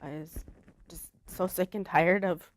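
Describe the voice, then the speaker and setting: A woman, giving a personal testimony in a halting, soft-spoken way with many pauses. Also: lowish voice, fairly even intonation. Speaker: interviewee telling her life story.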